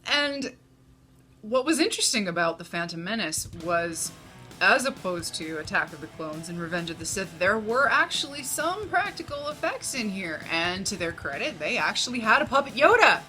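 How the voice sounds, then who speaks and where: A woman's voice: medium pitch, expressive, moderate pace, soft background music. A woman co-hosting a casual film review, chatty and prone to exasperated rants. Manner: chatty, gets loud and exasperated when ranting. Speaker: movie reviewer co-host.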